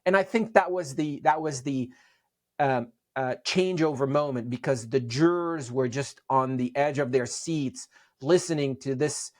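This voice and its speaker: A middle-aged Syrian man tells his story as an interview guest, speaking in a mid-range voice at a measured pace. He's earnest and often repeats words as he restarts.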